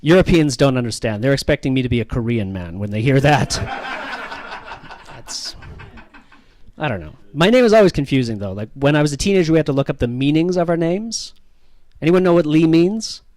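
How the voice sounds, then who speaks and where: Male stand-up comic, fairly high-pitched, profane, teasing crowd work. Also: expressive, a little fast, a little mellow, no room sound. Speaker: stand-up comedian. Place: comedy venue with live audience.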